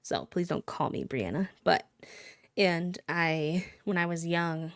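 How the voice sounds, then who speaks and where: A woman's voice: fairly low pitch, slow pace, no room sound. A woman live streamer chatting casually and playfully with her viewers, breaking into sing-song countdowns.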